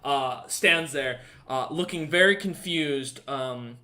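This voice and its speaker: A man's voice: medium pitch, slow pace, sharp tone. A man narrating as dungeon master in a tabletop game, rambling with lots of ums and uhs.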